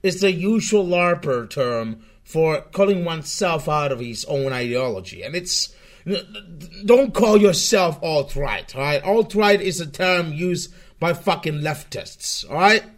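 A man streaming and reacting to clips, swearing and mocking, swinging from mutters to loud outbursts. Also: a little high, animated, measured pace. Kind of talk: casual profane commentary. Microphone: webcam setup microphone.

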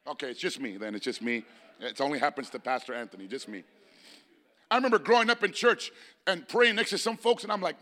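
Man, pastor, sermon, high-pitched, bright and tense, chatty then shouting. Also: sing-song, a little fast. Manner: builds from conversational asides to shouted preaching.

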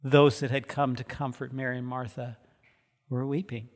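A man's voice: medium pitch, little pitch movement, normal speed. A man giving a sermon as pastor, earnest and emphatic, repeating key words for weight. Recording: long hall reverb.

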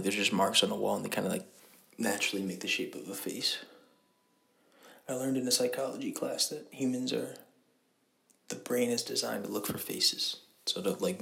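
A man's voice: deep voice, creaky, a bit bright. A young man hosting a rambling, profane comic monologue and laughing at his own jokes. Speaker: show host.

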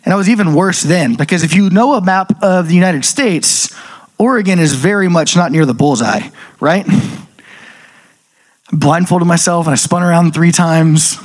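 A man with a slightly raised voice tells a personal faith story in a loose, chatty way. He packs his speech with "like" fillers and jumps into animated quoted asides. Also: high voice, moderate pace. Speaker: speaker sharing a personal testimony. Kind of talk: casual storytelling talk.

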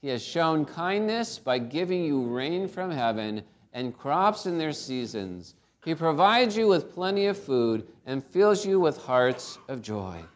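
A man's voice: a little high, sing-song, unhurried, hardly any pauses. A man preaching a sermon, emphatic, asking his listeners for responses. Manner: emphatic, calls for congregation responses.

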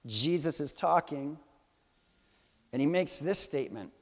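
A man preaching a sermon to a live congregation, animated and swinging from soft to loud, teasing and quizzing his listeners. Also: fairly high pitch, a little slow. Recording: long hall reverb.

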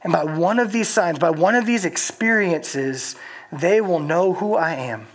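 A preacher voicing God as a calm, commanding father figure who reassures and urges. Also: medium pitch, unhurried, natural voice. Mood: urging. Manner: reassuring, urging.

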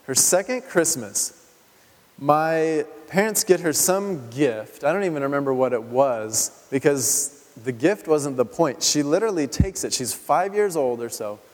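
A man's voice: a little high, expressive, a little slow, a little mellow. A male pastor giving a conversational sermon, asking his listeners rhetorical questions as he goes. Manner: chatty, full of rhetorical questions. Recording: long hall reverb.

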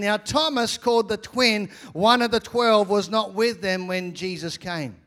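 A man preaching a sermon as pastor, energetic, with repeated phrases and swings between loud and quiet. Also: sits high, a little slow, hardly any pauses.

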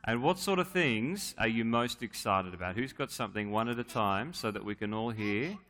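A man's voice: mid-range voice, expressive, normal speed, fairly bright tone. A man leading a playful, joking children's talk at a church service, coaxing kids to answer.

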